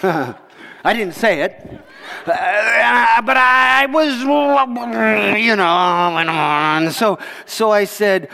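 High-voiced pastor, animated and jokey. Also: male voice, drawn-out words, creaky, in a large hall. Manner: animated, jokey, chuckles to the crowd. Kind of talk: storytelling sermon.

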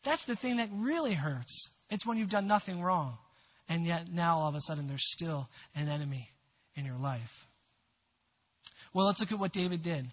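A man's voice: on the high side, animated, normal speed. A male pastor preaching a sermon in a conversational, earnest way with many rhetorical questions. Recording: dull lo-fi recording.

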